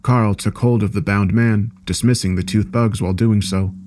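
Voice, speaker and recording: Low-voiced man narrating a horror story. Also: fairly even intonation, a little hiss or hum. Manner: measured, dark storytelling.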